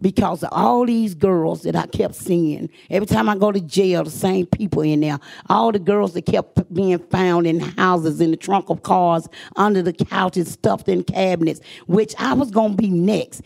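A woman's voice: on the low side, normal speed, gravelly, hardly any pauses, darkish tone. A woman gives a personal testimony to an audience, telling her story earnestly and acting out the voices she quotes. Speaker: speaker sharing her recovery story.

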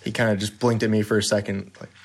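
A man, a veteran, recounting his story in a relaxed, self-deprecating way. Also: fairly low pitch, fast, background noise. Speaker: interviewee, military veteran. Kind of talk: storytelling interview.

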